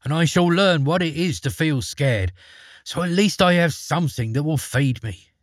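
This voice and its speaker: A man's voice: on the high side, animated, moderate pace, no room sound, studio quality, pitched above the performer's own voice, close to an everyday voice. A man voicing a naive, fearless young man in a storybook reading, speaking in an earnest, plain way.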